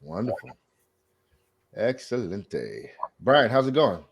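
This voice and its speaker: A man's voice: fairly low pitch, moderate pace. A man hosting a sports podcast, opening with showman hype and then chatting casually. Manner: hype showman intro, animated. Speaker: podcast host.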